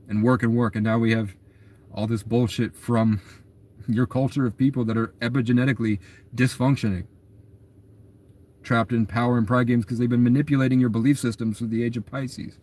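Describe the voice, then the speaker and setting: A man's voice: mid-range voice, a little mellow. A young adult man telling a long story in a rambling, agitated way, in a casual monologue.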